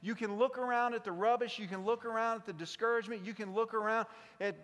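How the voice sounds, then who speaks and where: A man with a South Mississippi accent preaching a sermon, swinging between loud passion and hushed intensity. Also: sits high, fairly even intonation, fast talker, in a large hall. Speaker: pastor.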